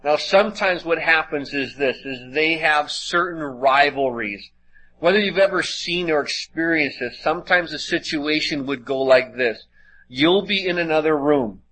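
Fairly high-voiced guy giving a sermon, steady and methodical. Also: normal speed, rough recording. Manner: methodical teaching, reads scripture aloud. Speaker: preacher.

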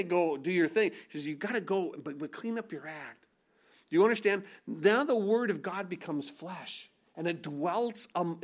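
Animated high-voiced male preacher. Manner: animated preaching, acts out quoted lines with shifting tone and volume. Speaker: pastor. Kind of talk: sermon.

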